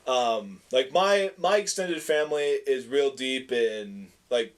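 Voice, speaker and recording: A man with a slight lisp talks in a casual podcast chat, circling back and restarting his sentences. His voice sits at a middle pitch, and he gets animated when he gives his opinions. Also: slow. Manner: rambling, self-correcting, animated opinions. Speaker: podcast co-host.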